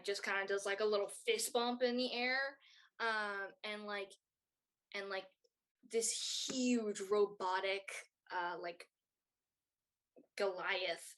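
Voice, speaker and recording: A woman's voice: mid-range voice, slow pace, long pauses, a bit bright, rough recording. A woman narrating a tabletop game as game master, rambling with many fillers.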